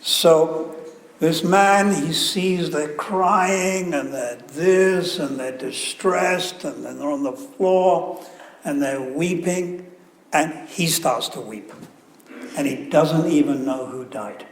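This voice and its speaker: A man's voice: a little high, slow pace. A man giving a sermon at a temple, telling stories with joking asides in a conversational way. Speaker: visiting guru giving a talk. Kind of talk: sermon with anecdotes. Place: temple hall. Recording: echoey hall, faint room ambience.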